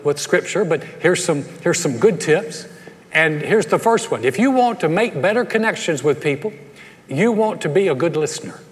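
A pastor delivers a sermon, his voice pitched a little high. He talks in a folksy, storytelling way, doubling up words as he goes. The sound carries a long reverb, as if recorded in a big church hall. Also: fairly bright tone.

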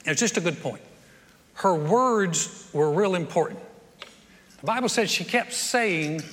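A man's voice: high voice, lively intonation, normal speed, fairly bright tone. A man preaching a sermon in a folksy, joking, conversational way, now and then acting out what people say. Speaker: pastor. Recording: reverberant hall.

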